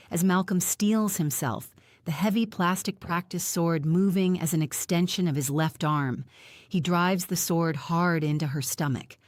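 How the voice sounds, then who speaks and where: A woman reading a first-person audiobook in a tense, measured storytelling manner, close to the mic. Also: lowish voice, darkish tone, no echo. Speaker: audiobook narrator.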